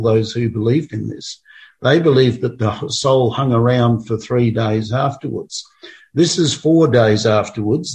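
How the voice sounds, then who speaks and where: A man's voice: medium pitch, creaky, a little mellow. Man explaining scripture conversationally. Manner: conversational, retells scripture with asides. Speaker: Bible study teacher. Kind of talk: informal Bible study explanation.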